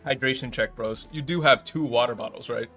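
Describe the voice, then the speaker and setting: A man's voice: medium pitch, a little fast, sharp tone, soft background music. A man hosting a casual game reaction stream, blunt and profane. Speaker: streamer and host.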